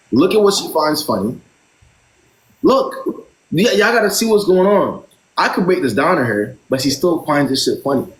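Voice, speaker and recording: A man's voice: on the high side, roomy sound, poor audio. A man hosting a live stream, lecturing a caller bluntly with stammering restarts. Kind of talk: advice talk show.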